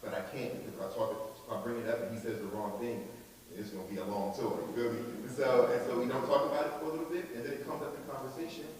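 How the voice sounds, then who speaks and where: A young author spins a story for a school crowd, slangy and casual, talking right at them. His voice comes from well off the microphone in a big, booming auditorium with a long tail of reverb. A faint hiss sits under it. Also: steady tone, racing, a little mellow, far from the mic. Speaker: visiting author. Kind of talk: storytelling talk to a school audience. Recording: echoey hall from afar, faint hiss.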